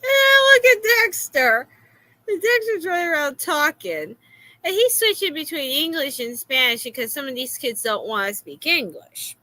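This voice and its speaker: A woman with a Florida accent telling a story in a casual, exasperated way, filling pauses with "uh". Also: high voice, no room sound, low-quality recording. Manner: animated, exasperated, many "uh" fillers.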